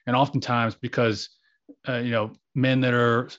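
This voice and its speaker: Guest: earnest man, reflective, restarts phrases, mid-pitched, muffled recording. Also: flat delivery, moderate pace. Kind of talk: reflective conversation. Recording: slightly dull lo-fi audio.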